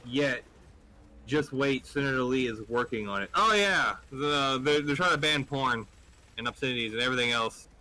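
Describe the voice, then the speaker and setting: A man's voice: mid-range voice, moderate pace, pushed and bright, poor audio. A man telling a joke in a casual, rambling way, with lots of fillers.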